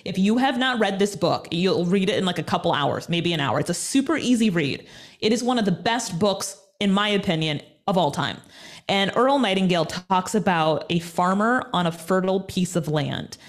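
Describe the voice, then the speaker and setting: A woman's voice: lowish voice, moderate pace. Emphatic woman guest speaker. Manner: emphatic, energetic, repeats points for effect. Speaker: interview guest, TV personality and speaker. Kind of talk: motivational interview talk.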